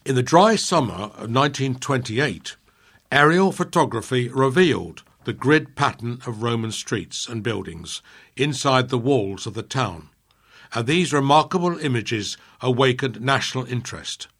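A man reads a local history piece he wrote, keeping a steady, measured pace. His voice has a slightly husky edge and a middling pitch. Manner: measured, steady reading with small slips. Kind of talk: reading a prepared history piece.

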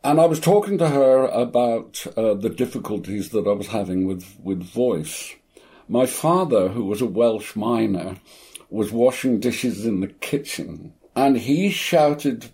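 A man's voice: lowish voice, lively intonation, unhurried, mellow. A man of eighty, a retired actor, telling stories from his career in a wry, reflective way during an interview. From Cornwall, England. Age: 80s. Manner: reflective, wry, stammers on restarts. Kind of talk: conversational storytelling.

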